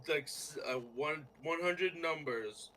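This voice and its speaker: A man narrating as game master of a tabletop game, in a halting way with many fillers and restarts. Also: a little high, pushed and bright, poor audio.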